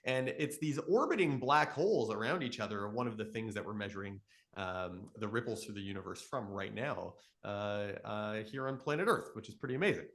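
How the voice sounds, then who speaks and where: A man in his thirties from Canada explains astronomy in a live Q and A. His pitch swings widely, rising and falling as he tells stories with enthusiasm. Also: brisk. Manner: enthusiastic storytelling, animated voices in quotes. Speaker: astronomy educator.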